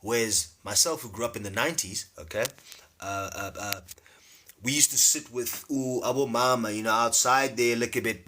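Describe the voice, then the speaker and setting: Animated man lecturing. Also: medium pitch, a little hiss or hum. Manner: rambling, animated, playful. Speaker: spiritual teacher. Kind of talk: live-streamed spiritual lecture.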